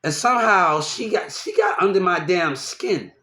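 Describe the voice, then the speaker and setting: High-voiced man telling stories. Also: normal speed. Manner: repetitive, restarts often, animated. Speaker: storyteller. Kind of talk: rambling personal storytelling. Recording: roomy echo.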